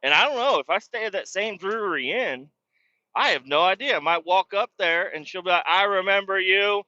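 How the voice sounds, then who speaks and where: Profane rambling man, bright tense voice. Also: high voice, expressive, fairly quick, dry recording, muffled recording. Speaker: podcast host. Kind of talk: casual storytelling.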